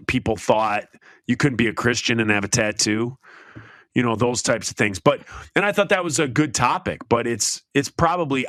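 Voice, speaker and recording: Bright-voiced middle-aged man, casual chat. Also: mid-range voice, no echo, clean studio sound. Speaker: podcast co-host.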